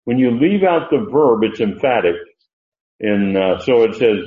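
An older man teaching a Bible study as a preacher, unhurried and halting, with many fillers. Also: mid-range voice, lively intonation. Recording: roomy, dull lo-fi sound.

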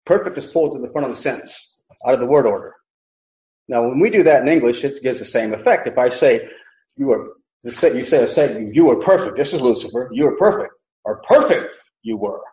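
A man's voice: medium pitch, darkish tone. A man teaching a verse-by-verse Bible lesson, emphatic, repeating key phrases and often restarting sentences. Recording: echoey room, dull lo-fi sound.

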